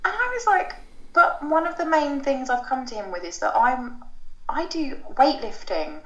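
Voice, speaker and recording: A woman's voice: high voice, animated, normal speed. A woman in her thirties, a podcast guest telling a long personal story in a chatty, rambling way with fillers and self-corrections. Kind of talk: casual podcast chat. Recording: roomy, dull lo-fi sound.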